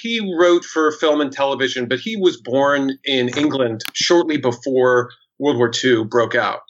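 A man's voice: mid-range voice, a little slow, a little hiss or hum. A man, an actor, telling a story in casual chat, with many fillers and restarts. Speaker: actor guest. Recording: dull lo-fi sound.

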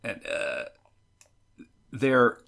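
A man's voice: mid-range voice, very animated, extremely slow, vocal fry, sharp tone. An American man hosting a podcast, chatting casually and giving opinions at length. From United States. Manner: opinionated, expansive, teasing. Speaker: podcast host.

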